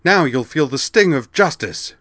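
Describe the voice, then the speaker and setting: A fierce young Valkyrie woman, self-righteous and snarling, pitched well above the reader's own low voice, as a man puts her on. Her accusations ring loud and tense in a dry, close recording for a storybook. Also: wildly swooping pitch, moderate pace, dry recording. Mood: outraged.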